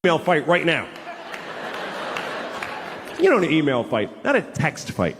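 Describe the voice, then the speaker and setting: A man in his forties performing a stand-up comedy routine, animated and dropping into exaggerated put-on voices. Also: fairly high pitch, measured pace, crowd noise, noisy background. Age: 40s. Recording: live show in a reverberant hall.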